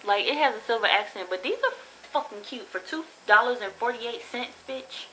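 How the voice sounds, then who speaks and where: A woman's voice: on the high side, animated, normal speed, bright, forceful tone, a little hiss or hum, poor audio. A young woman, chatting casually and bluntly, with plenty of profanity, while she reviews a haul of cheap jewelry. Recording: music playing behind the voice.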